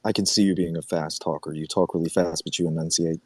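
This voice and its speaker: A man's voice: deep voice, fairly even intonation, quick pace, darkish tone, dry recording, poor audio. A man in casual podcast chat, rambling and joking as he corrects himself. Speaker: podcast co-host.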